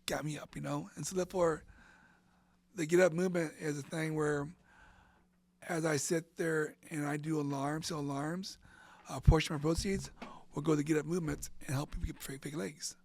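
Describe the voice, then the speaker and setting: Gravelly and darkish in tone, this man's fairly high voice stays steady at a normal speed. He's a middle-aged interview guest from central Florida whose emotional story rambles, peppered with "and all of a sudden" and occasional near-whispers.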